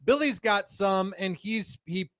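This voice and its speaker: A high-pitched man hosts a live show from a studio, hyped and jokey. His volume swings from loud calls to quiet asides. The sound is dry and close. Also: expressive, unhurried, no room sound. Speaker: host.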